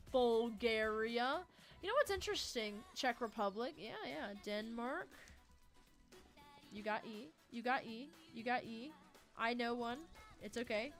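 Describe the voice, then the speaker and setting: A young woman of about eighteen talks loosely while streaming a game, answering her chat and swearing often. Her voice sits a little high. Soft music plays faintly behind her. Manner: rambling, swears freely, answers chat, quick mood swings. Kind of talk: casual livestream chat while gaming.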